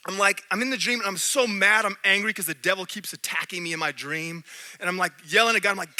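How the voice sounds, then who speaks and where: A man preaching a sermon in a church, animated, swinging between loud and hushed. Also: sits high, fast. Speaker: pastor.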